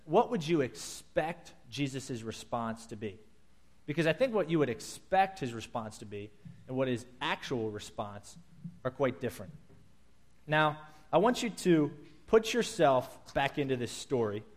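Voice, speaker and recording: A man preaching a sermon, telling a scripture story in vivid, animated detail and acting out its scenes. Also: mid-range voice, moderate pace.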